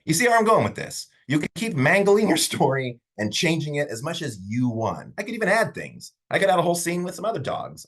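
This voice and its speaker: A man teaching a public speaking class online in a casual, animated way, rambling a little with fillers, over a computer mic. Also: mid-range voice, breathy edge. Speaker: college instructor.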